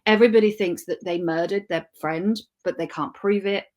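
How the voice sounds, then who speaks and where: Speaking at normal speed with a steady, slightly mellow mid-range voice, a woman in her thirties gushes casually about books she's read. She co-hosts the podcast and often corrects herself in the middle of a sentence.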